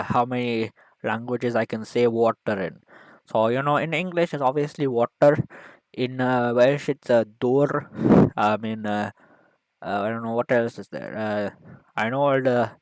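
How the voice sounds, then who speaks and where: A man's voice: medium pitch, no room sound, rough recording. Man rambling through a mock lecture. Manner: rambling, hesitant, full of fillers. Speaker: video maker.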